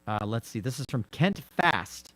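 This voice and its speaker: A man's voice: medium pitch, animated, normal speed, a bit bright. Easygoing male radio host reading messages. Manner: easygoing, joking. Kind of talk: casual on-air chat, reading listener messages. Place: radio studio.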